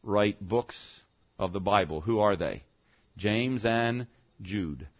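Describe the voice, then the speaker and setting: A male pastor preaching a sermon, asking the congregation rhetorical questions and dropping his voice low for quoted speech. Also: slow pace, muffled recording.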